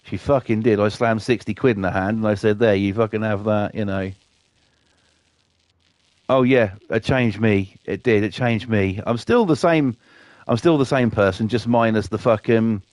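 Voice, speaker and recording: A man's voice: lowish voice, normal speed, a little mellow, no room sound. A British man chatting casually on his live stream, rambling and swearing a lot.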